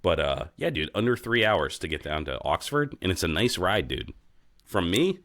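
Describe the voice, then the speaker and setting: Low-voiced but very animated, this New England podcast co-host talks at a normal speed with a fairly bright tone. He's laid-back, swears, and keeps saying "dude" in casual chat, recorded at studio quality with no room sound.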